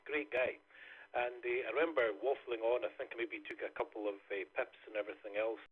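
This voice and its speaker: A Scottish man, a ham radio operator, chatting on air and slowing his speech on purpose to be understood. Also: medium pitch, husky. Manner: deliberately slowed, careful delivery. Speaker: amateur radio operator checking in. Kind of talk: casual radio chat. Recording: tinny radio transmission.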